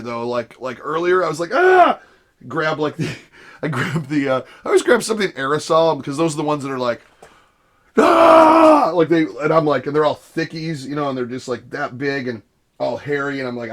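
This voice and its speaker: A man hosting his gaming vlog, rambling casually from his home setup, interrupting himself and laughing often. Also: mid-range voice. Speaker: gaming channel host. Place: home basement studio room. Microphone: desk camera setup.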